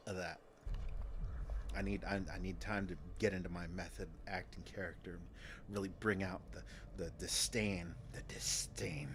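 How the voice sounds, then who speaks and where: A man's voice: deep voice, background noise. A man streaming a game in casual commentary, rambling and joking with many restarts and repeated words.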